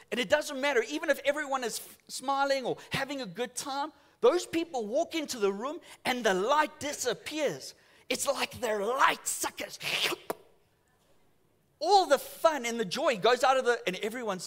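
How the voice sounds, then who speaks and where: Animated high-voiced preacher. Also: male voice. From South Africa. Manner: animated storytelling with acted-out voices. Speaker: pastor. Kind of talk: sermon. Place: church.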